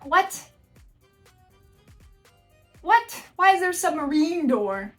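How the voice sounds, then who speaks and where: A woman's voice: extremely high pitch, big pitch swings, slow, soft background music. A woman hosting a casual reaction video, blunt and joking, with frequent exclamations. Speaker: YouTube host reacting to house listings.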